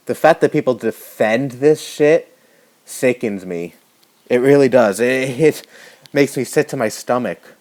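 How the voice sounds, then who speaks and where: A young man delivering an indignant rant to camera, swearing often and halting with fillers and restarts. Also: mid-range voice, darkish tone. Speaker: YouTuber. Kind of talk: angry rant vlog.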